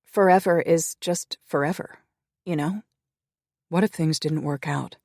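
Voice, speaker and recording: A man voicing a frightened but defiant young woman in an audiobook, shrill when angry and anxious when questioning. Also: measured pace, vocal fry, darkish tone, dry recording, clean studio sound.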